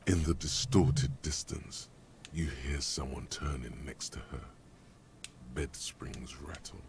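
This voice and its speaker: A man voicing a brooding game narrator, speaking in slow, ominous second person with a deep, gravelly voice. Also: darkish tone, a little hiss or hum, full character voice. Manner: slow, ominous, dramatic pacing. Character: brooding omniscient male narrator voice.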